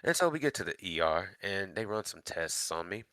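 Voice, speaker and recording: A man's voice: low voice, very animated, normal speed, bright, forceful tone, no room sound. A man, a podcast guest and voice actor, telling his personal story in an easygoing casual chat.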